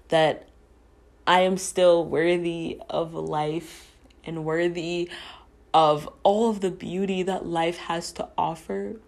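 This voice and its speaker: A woman hosting a podcast, giving an earnest, encouraging monologue with candid talk and frequent swearing. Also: lowish voice. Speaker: podcast host. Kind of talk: casual reflective monologue.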